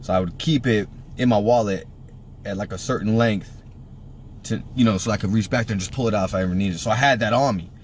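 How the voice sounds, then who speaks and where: A man's voice: on the low side, quick pace, a little hiss or hum. A man in his thirties from Puerto Rico, casually telling a story full of swearing and acting out the people in it. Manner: profane, animated, acts out quotes in a raised voice.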